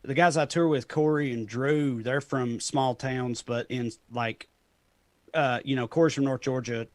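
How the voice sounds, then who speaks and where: A man in his thirties with a Southern Tennessee drawl talks casually in an interview, rambling and self-deprecating, with easy laughs. His voice sits at an ordinary middle pitch. The sound is dry and close, with no room behind it. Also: steady tone, a little slow, dry recording. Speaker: comedian guest.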